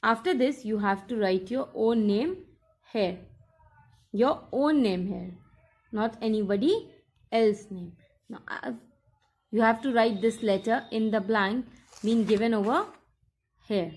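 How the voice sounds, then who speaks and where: A woman teacher talks a class through a workbook lesson, repeating each instruction as she goes. Her voice sits fairly high, and she takes her time over every step. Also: measured pace, long pauses, darkish tone, slightly rough.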